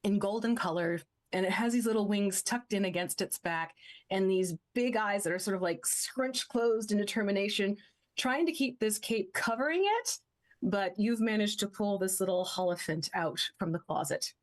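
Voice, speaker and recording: A woman game master narrating a tabletop game in a lively, descriptive, playful way. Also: medium pitch, normal speed.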